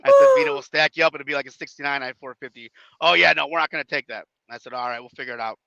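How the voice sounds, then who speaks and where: A high, gravelly Chicago-area man in his thirties, telling wrestling stories with a very bright, tense edge. He is animated, swears freely, and acts out other people in loud bursts. The sound is dry and dull, like lo-fi podcast audio. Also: racing, no echo. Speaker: independent wrestler, podcast guest. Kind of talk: casual storytelling chat.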